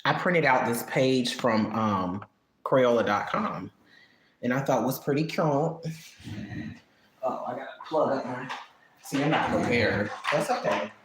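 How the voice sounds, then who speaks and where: A chatty, expressive livestream host, talking casually at home while coloring and often sighing. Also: medium pitch, measured pace, long pauses, background noise. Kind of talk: casual live-stream chat while coloring. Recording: roomy echo.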